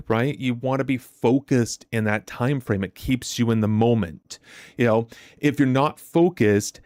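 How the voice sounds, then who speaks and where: A man's voice: mid-range voice, no echo, clean studio sound. A man hosting a trading live stream in a casual, chatty way, who often repeats words and restarts his sentences and tells stories with animation. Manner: animated storyteller.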